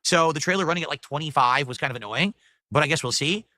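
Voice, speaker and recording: A man's voice: fairly high pitch, fast, bright, forceful tone, no room sound, studio quality. A man recapping a video game trailer as a YouTuber, matter-of-fact with dismissive asides.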